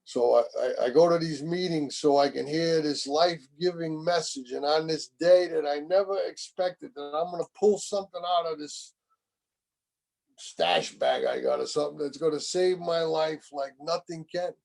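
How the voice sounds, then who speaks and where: A man in his sixties leads a recovery meeting on a video call by telling his own recovery story, rambling, candid and often profane. He repeatedly says "you know what I mean." His voice is a little high, gravelly and a little mellow, moving at a moderate pace.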